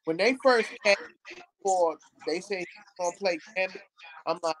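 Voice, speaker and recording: A man hosting a casual film discussion, animated and repeating phrases for emphasis. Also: high-pitched, moderate pace, low-quality recording. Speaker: podcast host.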